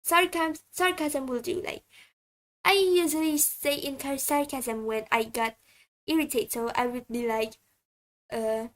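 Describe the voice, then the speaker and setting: High, slow-talking woman. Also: steady tone. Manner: halting, chatty. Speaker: streamer. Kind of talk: casual stream self-introduction.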